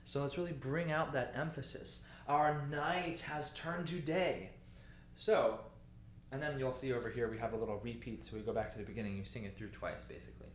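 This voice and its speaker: A man teaching the alto part of a choir piece, explaining the markings patiently and speaking the lyrics slowly. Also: mid-range voice, fairly even intonation, reverberant, a little hiss or hum. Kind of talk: music lesson walkthrough.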